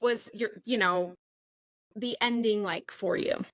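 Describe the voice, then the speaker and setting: A woman's voice: mid-range voice, takes it slowly, no echo, clean studio sound. A woman hosting a casual interview, asking questions and encouraging her guest. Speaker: interview host.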